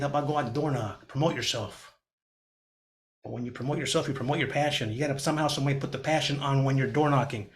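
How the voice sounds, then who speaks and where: A middle-aged man gives an energetic, motivational real estate lesson over a video call. His voice sits in a middle pitch, and he jumps into a raised, anxious tone when he acts out panicked clients before settling back down. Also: fast. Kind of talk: motivational class talk.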